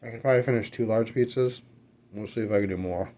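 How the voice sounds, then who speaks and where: At home with dogs nearby, a mukbang vlogger eats on camera and chats casually, his stories rambling along with fillers and self-corrections. He speaks fast in a fairly low, mellow voice.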